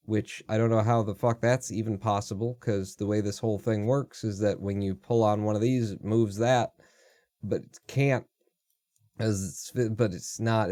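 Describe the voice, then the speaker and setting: A man hosting a live stream, thinking aloud as he codes, muttering and swearing in quick exasperated asides. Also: fairly low pitch, dark tone, no echo, studio quality. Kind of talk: casual live coding commentary.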